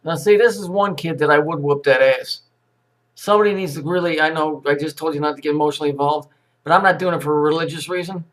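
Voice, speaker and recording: A man rants through crude, mocking commentary on news clips, jeering sarcastically and swearing freely. His voice sits a little high for a man, he talks fast, and his tone is fairly bright.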